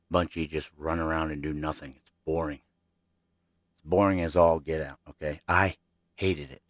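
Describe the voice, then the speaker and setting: A man's voice: rumbling low, no echo, clean studio sound. A man hosting his own podcast, telling childhood stories in a rambling, chatty way and talking straight to his listeners. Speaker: podcast host. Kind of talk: casual storytelling.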